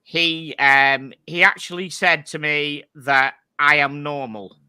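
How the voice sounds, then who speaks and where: A man's voice: a little high, fairly even intonation, slow, pushed and bright, smooth, dry recording, studio quality. A man hosting a casual live stream, chatty and jokey, rambling between guests. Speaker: host.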